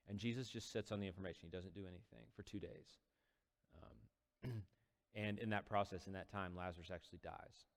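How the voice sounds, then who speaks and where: A man's voice: lowish voice, fairly quick, long reverb tail. A man casually retelling a Bible story as a teacher, conversational with quoted dialogue. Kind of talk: casual Bible study talk.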